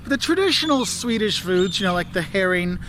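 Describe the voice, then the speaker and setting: A man's voice: high voice, animated, a little fast, noisy background. A man hosting a travel advice video, talking enthusiastically, laughing often and putting on silly voices.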